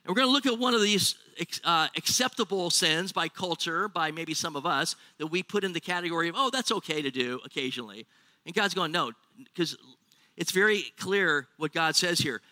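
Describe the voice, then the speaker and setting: American male pastor, jokey and questioning with the crowd, high bright voice. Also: brisk, no echo. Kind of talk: sermon. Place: church.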